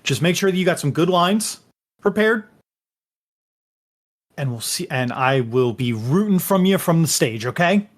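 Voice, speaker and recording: A man narrating a tabletop game as game master, rambling and halting with many fillers. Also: on the high side, lively intonation.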